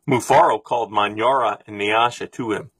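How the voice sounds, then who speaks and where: A man reading a children's storybook aloud in a steady, expressive way, close to the mic. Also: lowish voice, normal speed, breathy edge, no room sound. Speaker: reader.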